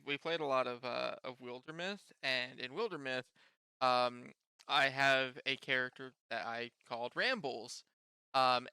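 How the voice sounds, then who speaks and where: A man's voice: mid-range voice, bright, forceful tone, clear, resonant tone, no room sound. A man hosting a tabletop game's session zero, chatting casually and often stumbling over and repeating his words. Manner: stammering, restarts words. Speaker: player and channel host. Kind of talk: casual chat.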